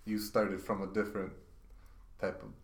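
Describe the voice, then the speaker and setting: A man's voice: fairly low pitch, flat delivery, normal speed. A man co-hosting a podcast, chatting in a laid-back, agreeable and joking way. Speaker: podcast co-host. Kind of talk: casual podcast chat. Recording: echoey room.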